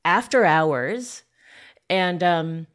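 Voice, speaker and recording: Woman, podcast co-host, low voice, relaxed casual reminiscing. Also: extremely slow. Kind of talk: casual interview chat.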